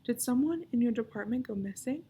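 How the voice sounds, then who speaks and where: A woman's voice: a little high, animated, brisk, dark tone, slightly rough, rough recording. A woman voicing a cheeky young boy who works as a hotel lost-and-founder, speaking in a mock-solemn way in a storybook reading.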